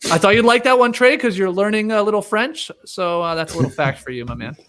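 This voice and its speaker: Lively man hosting, high and animated. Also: fast talker, clean tone. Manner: animated, joking, reeling off trivia. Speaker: podcast host. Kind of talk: casual sports chat.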